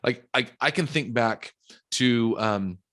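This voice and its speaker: A man's voice: medium pitch, takes it slowly, fairly bright tone. A man speaking as a podcast guest, earnest and encouraging in casual conversation.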